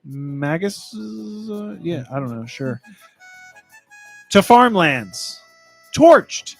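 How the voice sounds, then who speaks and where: Podcast co-host, male, high voice, reads lists and cracks jokes, trips over names. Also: expressive, drawn-out words, gravelly, soft background music. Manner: joking, stumbles over game titles. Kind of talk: casual podcast chat.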